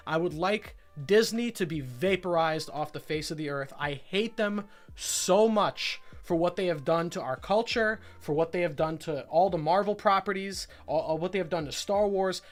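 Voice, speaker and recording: A young man hosting a casual livestream chat, ranting with lots of swearing and repeated phrases. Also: fairly high pitch. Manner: ranting, profane, repeats himself. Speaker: livestream host.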